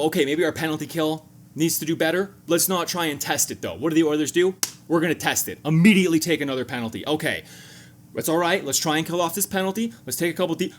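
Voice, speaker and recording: Excitable man breaking down a game. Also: slight background noise. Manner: animated, jokey, with sudden jumps in pitch. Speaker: sports fan video host. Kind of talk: fan reaction breakdown.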